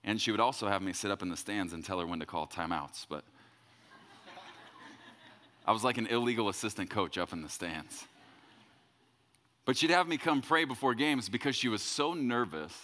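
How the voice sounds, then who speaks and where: A man's voice: fairly low pitch, sharp tone, in a large hall. A middle-aged man, a pastor, telling a story in a sermon in a loose, conversational way. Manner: conversational, repeats words when quoting himself.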